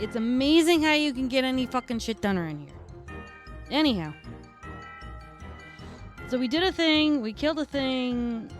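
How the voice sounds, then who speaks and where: A woman's voice: on the high side, natural voice. Woman voicing a profane, tough-talking redcap fae. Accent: New York. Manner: profane, rambling, streetwise tough talk. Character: brash foul-mouthed fae redcap, tough mechanic. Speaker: streamer in character. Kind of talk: in-character chat on a live stream.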